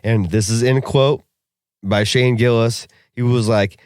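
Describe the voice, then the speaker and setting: A man co-hosting a casual podcast, ranting in a profane, animated way and laughing often. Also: mid-range voice, unhurried, no room sound, clean studio sound. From Russia. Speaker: podcast co-host. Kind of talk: casual chat.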